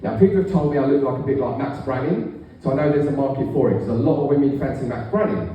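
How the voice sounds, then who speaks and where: A middle-aged man doing a stand-up routine, telling stories in a deadpan way with raunchy punchlines, on a comedy club stage. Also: mid-range voice, fast, lo-fi sound. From England. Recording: echoey room, far from the mic.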